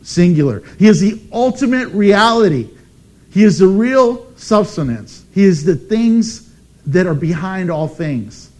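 A man preaching a sermon as pastor, emphatic and animated, with dramatic pauses. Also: high-pitched.

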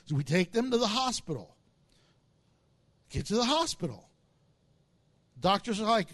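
A male pastor delivers a sermon in a strikingly high voice. He keeps it lively and jokey, telling stories and acting out other people's lines. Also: measured pace, pauses often. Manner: animated storytelling with jokes and acted-out quotes.

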